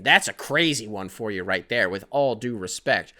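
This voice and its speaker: A man's voice: medium pitch, expressive, moderate pace, hardly any pauses, bright, forceful tone. A male podcast host in easygoing conversational mode, reading and answering listener mail. He drifts from one thought to the next with a scattered, rambling delivery. His talk is casual and peppered with profanity. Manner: loose, rambling and profane, self-described scatterbrained.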